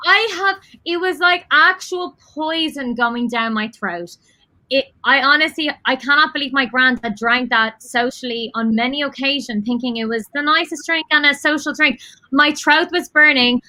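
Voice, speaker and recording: A woman with a Dublin Irish accent, chatting as a guest on a live video call and telling animated stories with frequent laughter. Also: sits high, normal speed, no echo, rough recording. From Dublin, Ireland. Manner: animated storyteller, laughs often.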